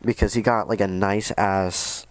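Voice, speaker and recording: A young man casually recapping a video game, energetic and rambling, with lots of swearing. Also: fairly low pitch, unhurried, no room sound. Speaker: gaming video host.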